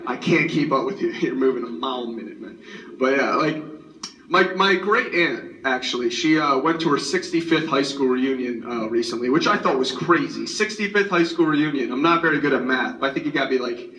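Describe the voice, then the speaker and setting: A man's voice: medium pitch, fairly quick, bright, forceful tone, a little hiss or hum. Rambling young man doing stand-up in an echoey hall. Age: 20s. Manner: rambling, self-deprecating, many fillers. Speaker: student comedian. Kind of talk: stand-up comedy set. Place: school variety show stage. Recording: roomy hall, far from the mic.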